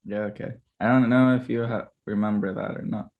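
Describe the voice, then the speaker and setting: Creaky-voiced man, casual podcast chat. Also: medium pitch, fairly even intonation, brisk, narrow, tinny audio. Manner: hesitant and rambling, stumbling over words. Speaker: podcast host. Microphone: video call.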